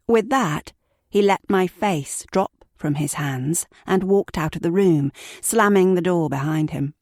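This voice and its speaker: Woman narrator, low-pitched, very slow and measured, dry close sound, true crime audiobook. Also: darkish tone, no echo. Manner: slow, measured, sombre reading.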